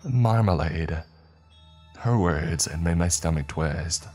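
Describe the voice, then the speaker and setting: A man reading a horror story aloud in a measured, dramatic narration. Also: a bass voice, fairly even intonation, faint music behind.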